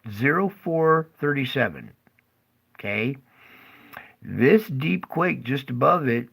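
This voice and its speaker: A man's voice: medium pitch, vocal fry, a bit bright, low-quality recording. A middle-aged man casually explaining earthquake activity over a map, who keeps slipping into fits of laughter. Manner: slow, drawling, breaks into fits of laughter. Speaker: earthquake forecaster.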